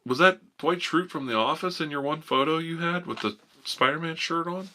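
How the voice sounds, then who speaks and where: Bright-voiced man chatting softly on a stream. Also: fairly high pitch, moderate pace. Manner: soft, rambling, playful. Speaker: ASMR streamer. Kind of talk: live stream chat with viewers.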